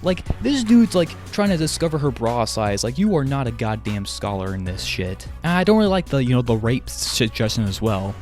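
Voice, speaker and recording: A man's voice: mid-range voice, sing-song, moderate pace, few pauses, darkish tone, faint music behind. A man ranting in an online commentary video, exasperated and swearing heavily as he jumps between tangents. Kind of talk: profane commentary rant.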